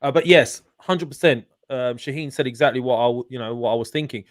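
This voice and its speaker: A man's voice: mid-range voice, a little fast, no room sound, studio quality. Chatty upbeat male stream host. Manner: upbeat, chatty, many fillers. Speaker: channel host. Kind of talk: casual live-stream chat.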